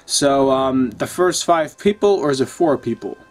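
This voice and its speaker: A man's voice: medium pitch, lively intonation, normal speed. A young man doing casual commentary over a video game, swearing often and ranting in exasperation. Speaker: let's play gamer.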